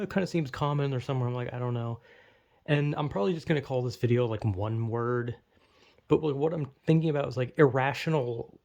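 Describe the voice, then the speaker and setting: Gravelly young man rambling casually. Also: medium pitch, darkish tone. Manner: rambling, self-deprecating, filler-heavy. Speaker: vlogger.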